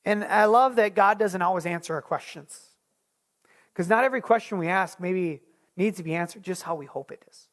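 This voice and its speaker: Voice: mid-range voice, moderate pace. A Bible study teacher leading a small group lesson, retelling scripture in a conversational way, often restarting words.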